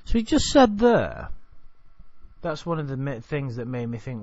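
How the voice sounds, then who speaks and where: A man's voice: medium pitch, animated, slow, dry recording, lo-fi sound. An English-accented man commenting on a TV clip in a rambling, blunt, self-correcting way. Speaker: video commentator.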